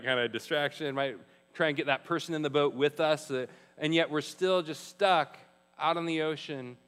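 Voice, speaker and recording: A male pastor preaching a sermon in a conversational, emphatic way, slowing down on key phrases. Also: on the high side, pushed and bright, long reverb tail. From Arizona, US.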